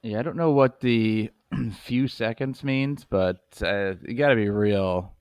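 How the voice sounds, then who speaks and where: A man's voice: on the low side, measured pace, darkish tone, clean tone, dry recording. Dry-sounding laughing podcast man. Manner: reads articles aloud, laughing often. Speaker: podcast co-host. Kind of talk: casual comedic chat.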